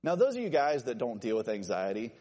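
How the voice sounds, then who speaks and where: Husky guy preaching, voice jumping all over, chatty asides to the crowd. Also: fairly quick. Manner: animated, jokey asides to named listeners, lively pitch swings. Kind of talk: evening church sermon.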